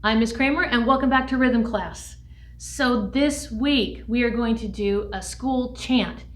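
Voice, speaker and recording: A woman music teacher leads a lesson for young children in a bright, fairly high voice, speaking slowly and clearly and keeping her tone upbeat. She sounds a bit distant from the microphone. The room around her gives off a noticeable echo. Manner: shouts chant calls in a high voice.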